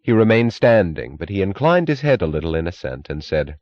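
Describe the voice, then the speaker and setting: Male audiobook narrator, deep, measured, dull lo-fi recording. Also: sing-song, no echo. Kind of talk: scripted narration.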